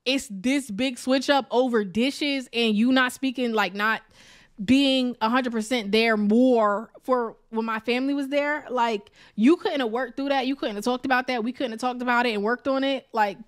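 Woman, high voice, chatty reviewer, exasperated, emphatic repetition, lots of "like". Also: fairly even intonation, moderate pace. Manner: emphatic, repeats words for effect. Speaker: TV show reviewer. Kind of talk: casual reality TV review.

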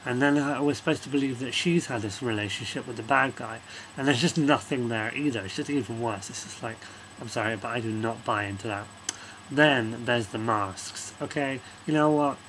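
This man's film review is a loose, rambling rant, his swearing picking up as he gets more exasperated. He speaks at a moderate pace in a mid pitch with a fairly bright tone, over faint background noise on a rough recording.

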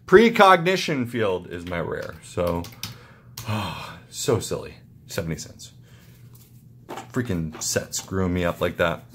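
A young man excitedly opening trading card packs for his channel, muttering card names with sudden yelps of delight. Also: takes it slowly, pauses often, slight background noise. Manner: excitable, muttering asides, jumpy pitch. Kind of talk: casual pack-opening commentary.

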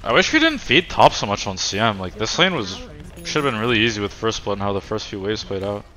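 A man's voice: on the low side, very animated, fairly quick, pushed and bright, a little hiss or hum. A man casually commenting on his own gameplay, joking and swearing loosely. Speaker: streamer playing a video game.

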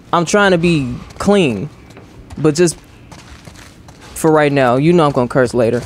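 A man's voice: a little high, expressive, a little slow, long pauses, slight background noise. Profane young man commentating gameplay. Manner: profane joking banter with viewers. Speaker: gaming streamer. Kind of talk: let's play commentary.

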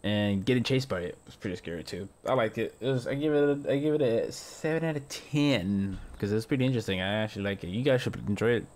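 A man's voice: fairly low pitch, lively intonation, quick pace, few pauses, a little mellow. A man commentating a horror game he is playing, reacting on the spot and repeating short phrases over and over. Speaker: gamer.

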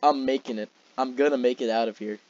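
A young man giving excitable, profane commentary while playing a video game, talking to the enemies on screen. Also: mid-range voice, quick pace, lo-fi sound. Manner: excitable, swears often, talks to the game. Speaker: gaming video creator. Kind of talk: gameplay commentary.

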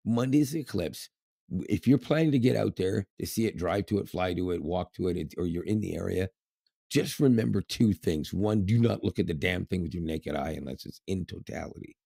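A man's voice: deep voice, fairly quick, vocal fry, dark tone, slightly rough, no echo, clean studio sound. A man co-hosting a podcast in casual chat, rambling with lots of fillers and laughs. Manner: rambling, laughs often, many fillers and restarts. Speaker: podcast co-host.

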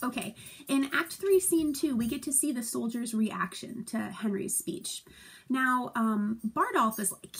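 A woman's voice: fairly high pitch, measured pace, gravelly, breathy edge. A woman teacher giving a casual recorded lesson at home, chatty and playful, acting out quotes with giggles.

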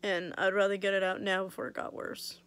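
Gravelly, chatty young woman. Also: medium pitch, little pitch movement, a little fast, fairly bright tone. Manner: chatty, blunt, swears freely, lots of "like". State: recovering from oral surgery, swollen mouth. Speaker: vlogger. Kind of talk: casual storytelling vlog.

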